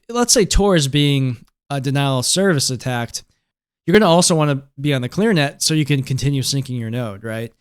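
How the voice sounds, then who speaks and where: A man walking viewers through a tech tutorial in a relaxed, chatty way, often tagging his points with "right?" and "okay?". His voice comes across smooth and resonant. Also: fairly high pitch. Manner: conversational, keeps checking in with "right?" and "okay?". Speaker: host.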